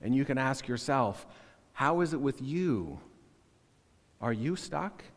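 A man's voice: mid-range voice, expressive. Pastor guy preaching, earnest, stops and restarts a lot, big hall echo. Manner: earnest, halting, repeats words. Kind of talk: sermon.

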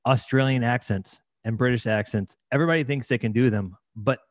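A man's voice: medium pitch, brisk, no room sound, studio quality. A man hosting a casual interview, enthusiastic and often restarting his sentences. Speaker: podcast host.

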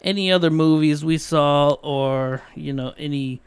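A man's voice: a little high, unhurried, clean tone. A man hosting a podcast in casual chat, joking and playful, laughing often. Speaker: podcast host.

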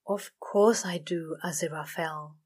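A woman voicing a nervous male demon who talks softly and breathlessly. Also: on the low side, slow. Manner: soft, breathless and murmured.

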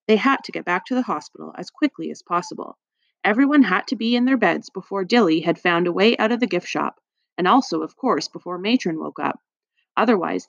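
A woman narrating a children's audiobook with lively storytelling. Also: fairly low pitch, creaky, no echo, highs cut off. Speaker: audiobook reader.

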